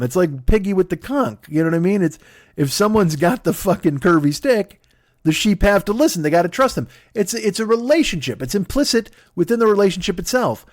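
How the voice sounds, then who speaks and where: A man's voice: high voice, expressive, a little fast, dry recording, studio quality. A man doing a profane, riffing comedic monologue as a podcast host.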